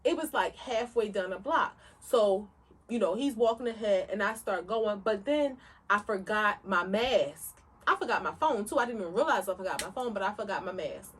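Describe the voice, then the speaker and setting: A woman co-hosting a podcast, telling a story in an animated, emphatic way and speaking straight to listeners. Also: mid-range voice, moderate pace, distant mic, slight background noise. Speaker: podcast co-host. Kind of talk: casual storytelling chat.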